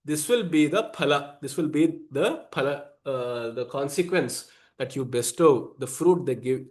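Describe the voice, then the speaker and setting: A man teaching the meaning of a Sanskrit hymn, rephrasing each point and mixing in Sanskrit words. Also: a little high. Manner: explanatory, repeats and rephrases, Sanskrit terms mixed in. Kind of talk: explaining a devotional hymn.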